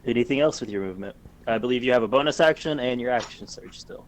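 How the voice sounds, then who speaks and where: A man narrating a tabletop game as game master, calmly describing the action and explaining the rules over voice chat. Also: mid-range voice, fast talker, a little hiss or hum.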